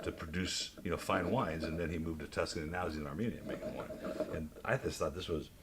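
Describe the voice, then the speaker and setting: A man hosting a casual wine tasting chat, telling stories with lively asides. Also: extremely low pitch, fast. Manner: storytelling, animated, laughing asides. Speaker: wine club host. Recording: noticeable background noise.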